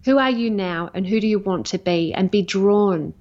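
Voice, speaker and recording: A woman's voice: mid-range voice, moderate pace. Earnest woman coach, dull lo-fi audio. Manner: earnest, emphatic, warmly enthusiastic. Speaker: trading coach, guest. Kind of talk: interview answers.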